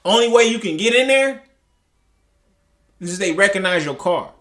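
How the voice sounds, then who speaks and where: Man, high voice, very lively pitch, heated profane rant. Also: normal speed. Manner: heated, profane, rambling with restarts. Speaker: commentary host. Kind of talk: reaction commentary.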